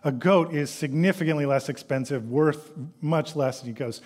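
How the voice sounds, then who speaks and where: A man preaching a sermon as a pastor, earnest, reading scripture and building from hushed to animated. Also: fairly high pitch, normal speed, hardly any pauses.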